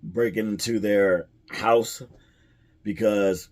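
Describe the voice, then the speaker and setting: Man, film reviewer, casual plot recap, rambling, fairly low voice, chuckles now and then. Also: fairly even intonation, slow pace. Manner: rambling, chuckles at the jokes he retells. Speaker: movie reviewer.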